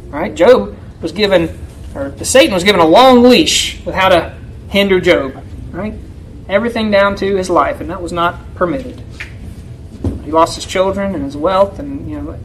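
A man preaching an expository sermon as a church elder, emphatic and often turning to his listeners with "right?", swinging between raised pleading and low, quiet asides. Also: slight background noise, low-quality recording.

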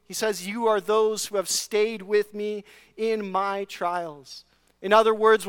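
High, smooth-voiced preacher man in a reverberant hall. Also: a bit bright. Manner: earnest preaching with rhetorical questions and scripture readings; dry sarcastic asides. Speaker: pastor. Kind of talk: sermon. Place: church sanctuary. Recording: long reverb of a large hall.

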